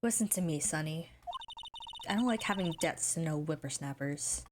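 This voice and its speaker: A woman's voice: deep voice, animated, normal speed, noisy background, voice pushed down. Woman putting on a grumpy old lady. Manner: grumpy, scolding. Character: cranky old woman security guard, bossy. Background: game music.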